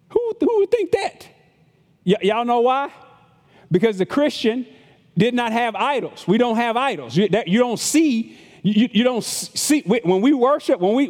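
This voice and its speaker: Man pastor, high voice, conversational sermon with stammered repeats and mocking voices, long church reverb. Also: a little mellow. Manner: conversational preaching, repeats words, acts out voices of critics.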